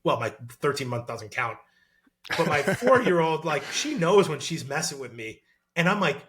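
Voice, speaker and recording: A man in his thirties, a former college football player, talking as a podcast guest in an animated, excitable way with lots of fillers. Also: a little high, normal speed, a crowd in the background. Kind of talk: casual podcast interview.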